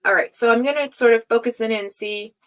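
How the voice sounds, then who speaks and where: A woman hosting a tarot reading livestream, talking casually and affectionately to viewers, with many fillers, sighs and soft laughs. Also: fairly high pitch, brisk, rough recording. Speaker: tarot reader and livestream host.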